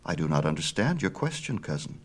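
A man's voice: sits low, big pitch swings, a little fast. A male reader voicing a tall, lovely Titaness, a doting mother who speaks proudly and genteelly in a storybook myth.

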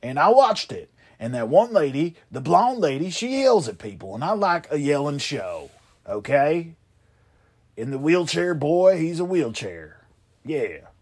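A man hosting a comedy show, rambling and trading deadpan, profane insults in a one-sided phone call. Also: on the high side, measured pace.

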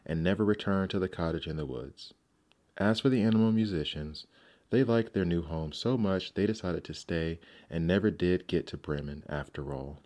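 A man narrating fairy tales in a gentle, expressive storybook reading. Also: low voice.

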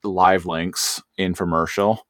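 Brief: lowish male co-host, loose and giggly, dry close sound. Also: steady tone, takes it slowly, fairly bright tone, dry recording. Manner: laughing, rambling with many fillers. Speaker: podcast co-host. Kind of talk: casual chat.

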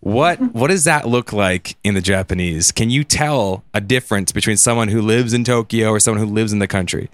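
A man's voice: fairly low pitch, a little fast, hardly any pauses, no echo. A man co-hosting a podcast in casual chat, easygoing and musing aloud. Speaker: podcast co-host.

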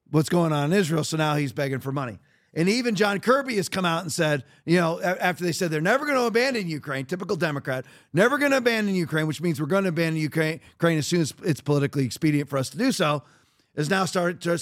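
A man hosting a podcast, giving blunt, emphatic political commentary in a rambling way with frequent restarts. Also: a little high. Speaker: podcast host.

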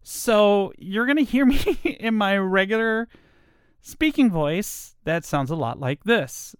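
A woman's voice: medium pitch, expressive, slow, clear, resonant tone, no echo, studio quality. A middle-aged woman from Virginia hosting a podcast, chatting casually in a self-deprecating, rambling way. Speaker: podcast host, former radio voiceover artist. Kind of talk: casual chat.

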